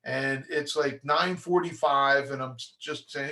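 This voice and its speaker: Bright-voiced man coaching real estate agents. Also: a little high, steady tone, unhurried. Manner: conversational, restarts often, acts out clients' voices. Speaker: home inspector.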